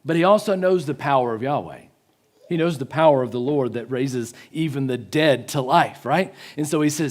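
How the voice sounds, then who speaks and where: A man giving a sermon in a church, swinging from loud pleading to hushed, slow emphasis. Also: medium pitch. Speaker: pastor.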